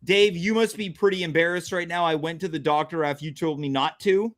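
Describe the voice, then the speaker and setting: A man hosting a comedy talk show, trading casual banter and teasing his co-host with deadpan jokes. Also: a little high, fairly quick.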